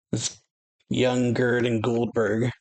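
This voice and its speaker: A man with a mid-range, darkish voice and a flat, very slow delivery hosts a casual anime reaction video on YouTube. He reads comic pages aloud, chats loosely, and laughs often.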